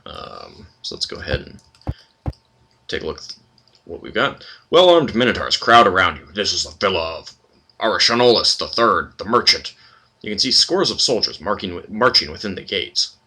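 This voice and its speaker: A man's voice: sits low, big pitch swings, normal speed, pushed and bright, a little hiss or hum. A man hosting a let's play, chatting casually and reading game text aloud with a lot of fillers.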